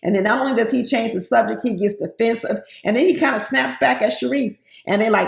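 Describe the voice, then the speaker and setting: Woman, reality-TV recapper, sassy and direct, a bit of fry, echoey room. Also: on the high side, fast talker, hardly any pauses. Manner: sassy, talks straight to her viewers. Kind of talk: casual opinionated commentary. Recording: roomy echo.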